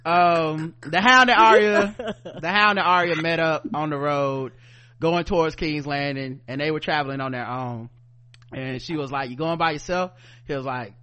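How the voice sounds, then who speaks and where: A man's voice: a little high, moderate pace, bright, forceful tone, clean tone. A man co-hosting a podcast, recapping a show animatedly, laughing often and acting out the characters in slang. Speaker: podcast co-host.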